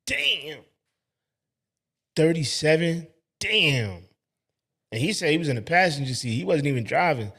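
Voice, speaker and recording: A man's voice: medium pitch, expressive, racing, gravelly, few pauses, a bit bright, breathy edge. Man reacting bluntly to a clip. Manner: blunt, profane, exclaims. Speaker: reaction video host. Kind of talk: casual reaction commentary.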